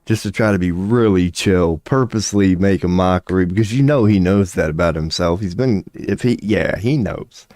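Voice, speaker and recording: A man's voice: low voice, moderate pace, few pauses, darkish tone, no echo, studio quality. A man streaming a casual rant, profane and mocking, with a drawling delivery at his computer.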